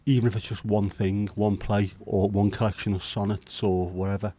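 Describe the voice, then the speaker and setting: At a normal speed and with a warm, low voice that hardly shifts in pitch, a Liverpool man hosts a laid-back livestream. He works through viewer comments with rambling, hesitant banter and the odd swear. There is no echo.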